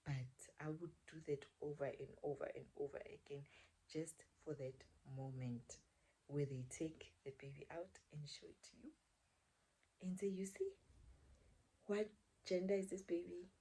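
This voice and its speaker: A woman's voice: sits low, steady tone, normal speed, dark tone, slightly rough. A young woman telling a chatty storytime to her viewers, often dropping into a whisper. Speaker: vlogger. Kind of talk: casual storytime chat.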